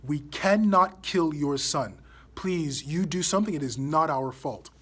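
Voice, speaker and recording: A man's voice: a little high, unhurried, husky. A man voicing scared male demon guards who speak pleadingly.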